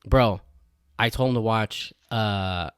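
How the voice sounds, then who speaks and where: Excitable dude-saying man, dry mic. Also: fairly low pitch, slow pace, smooth, no room sound. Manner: excitable, says "dude" constantly, acts out quotes. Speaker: podcast co-host. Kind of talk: casual chat.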